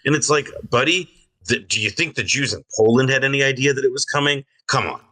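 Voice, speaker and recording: Man, guest commentator, bright edgy voice, distant video-call mic, halting and sardonic. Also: medium pitch. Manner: hesitant, filler-heavy, sardonic. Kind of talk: casual reaction commentary.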